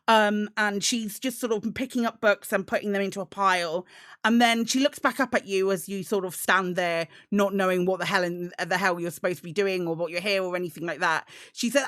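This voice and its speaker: A woman narrating as game master of a tabletop game, describing scenes with many pauses and restarts. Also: mid-range voice, fairly bright tone, no room sound, studio quality. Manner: hesitant, many ums and restarts.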